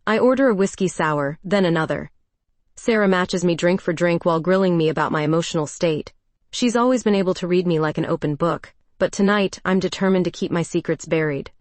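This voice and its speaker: A woman narrating a first-person story in a reflective, even way. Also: fairly low pitch, fairly quick, no echo.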